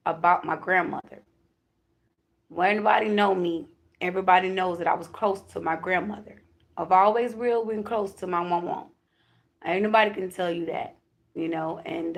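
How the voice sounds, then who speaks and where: A woman's voice: fairly low pitch, creaky. A woman talking casually and emphatically to her viewers as a spiritual reader. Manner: chatty, emphatic, addresses viewers directly.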